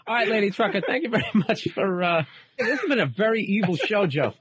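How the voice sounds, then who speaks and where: A man's voice: sits high, big pitch swings, brisk, a bit bright, a little hiss or hum. A man co-hosting a comedy podcast, talking in a blunt, profane, teasing way. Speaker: podcast co-host. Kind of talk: casual comedic banter.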